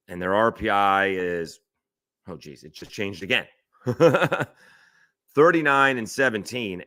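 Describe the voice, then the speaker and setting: Deep-voiced male sports talk host, opinionated, musing over stats mid-sentence, lots of uhs and restarts. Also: pushed and bright, no echo, studio quality. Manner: thinking aloud, checking stats mid-sentence, many fillers and restarts; opinionated, rhetorical questions. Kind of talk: solo sports talk commentary.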